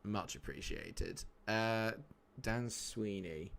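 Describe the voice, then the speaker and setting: A fairly low, slightly bright voice with vocal fry comes from a man streaming a game at a slow pace. He chats casually and jokes with his audience, addressing chat members by name.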